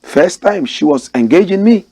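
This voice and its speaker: A man's voice: high-pitched, lively intonation, normal speed, warm tone, dry recording. Emphatic man, dry close sound. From Ghana. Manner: preachy, emphatic, addresses listeners directly. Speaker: commentator and host. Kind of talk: passionate storytelling commentary.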